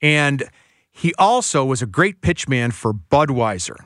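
Guy on a radio show rattling off stories, mid-pitched, dry close sound. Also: big pitch swings, unhurried, fairly bright tone, no echo. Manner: chatty anecdotal storyteller. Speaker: author and radio guest. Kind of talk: radio interview.

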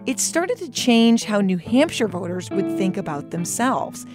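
A woman's voice: mid-range voice, big pitch swings, measured pace, music in the background. A woman narrates a documentary story from a script. Her delivery is conversational with dry asides. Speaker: podcast host and narrator.

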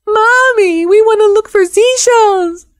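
A woman's voice: very high-pitched, slow pace, dry recording, clean studio sound, voice pushed up. A woman voicing small children pleading with their mother to go to the beach. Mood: whiny pleading.

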